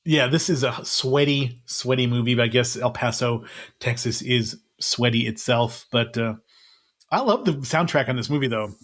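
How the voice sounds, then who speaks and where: A man's voice: medium pitch, moderate pace, a bit bright. A man co-hosting a casual movie podcast, rambling through the cast list with frequent chuckles and fillers. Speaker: podcast co-host.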